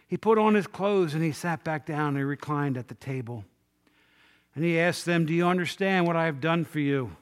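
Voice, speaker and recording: A man preaching a sermon, retelling scripture in an animated storytelling way and acting out the quoted lines. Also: fairly high pitch. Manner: self-deprecating humor.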